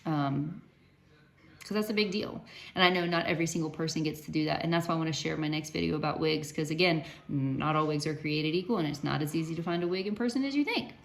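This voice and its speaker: Woman, vlogger, casual chat to camera, animated storyteller, low pitch. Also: fast, creaky. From West Virginia. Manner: chatty, animated storytelling with many fillers and restarts. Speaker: vlogger sharing cancer treatment updates.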